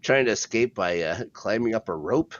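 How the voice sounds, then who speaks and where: A man's voice: fairly low pitch, expressive, moderate pace, no room sound, muffled recording. A man co-hosting a podcast, casually recapping a TV episode in a laid-back, rambling way with a chuckle now and then. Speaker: podcast co-host.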